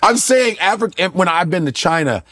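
A middle-aged man in casual chat, an animated storyteller who curses freely and keeps slipping into mocking voices. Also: sits high, normal speed. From raised in the US, Nigerian heritage. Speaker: comedian guest.

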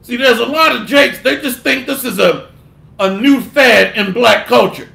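A man's voice: extremely high pitch, unhurried, gravelly, sharp tone. A man preaching a scolding sermon, delivering a fiery rebuke and mocking others with put-on voices. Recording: echoey room.

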